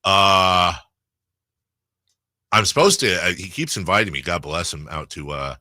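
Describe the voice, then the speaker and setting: A man's voice: low voice, measured pace, no echo, studio quality. A man hosting a sports talk radio show in casual on-air chat, rambling and interrupting himself as he goes. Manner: rambling, self-interrupting, animated. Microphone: studio microphone.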